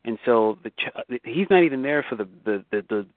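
A man's voice: mid-range voice, lively intonation, normal speed, no echo. A man hosting a bible study discussion, talking emphatically with repeats and restarts, rising sharply for rhetorical questions. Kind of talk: casual discussion on a call. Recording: dry tinny phone line.

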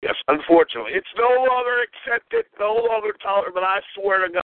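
A man's voice: high voice, lively intonation, fast talker, no echo. A man hosting a call-in talk show, ranting in an irate, repetitive way and trailing off mid-insult. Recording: tinny phone line.

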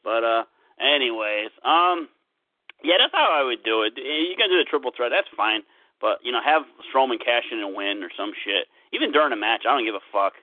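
A man's voice: mid-range voice, animated, a little fast. A man talking casually on a podcast, rambling and swearing freely. His voice comes through a tinny, phone-like line with a narrow band. The sound is dry, with no room echo. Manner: profane, rambling, laughs at his own jokes. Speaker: podcast co-host. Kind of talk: casual wrestling chat.

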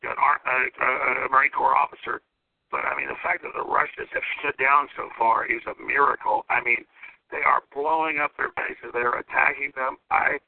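Male political radio host, heated and emotional, gravelly, phone-quality audio. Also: medium pitch, lively intonation, normal speed. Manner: agitated, emotional, pleading. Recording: tinny phone-line audio.

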